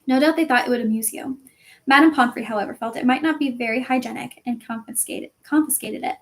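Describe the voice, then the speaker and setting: A kindly old male headmaster who speaks calmly and with gentle, dry humour, as a woman reads him. The voice sits a little high, close to the reader's own, in this storybook reading. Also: quick pace, lightly acted. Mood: gently amused.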